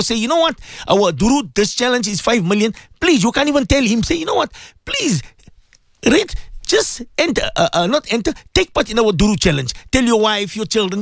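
Man, radio sermon, pleading and emphatic, repeats himself, very lively pitch swings, dry close sound. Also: gravelly, no echo. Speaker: radio religious presenter.

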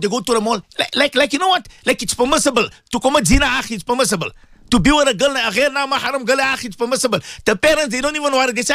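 A man's voice: very high-pitched, racing, a bit bright, no echo, clean studio sound. A man giving an impassioned radio sermon, full of repeated rhetorical questions. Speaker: radio preacher.

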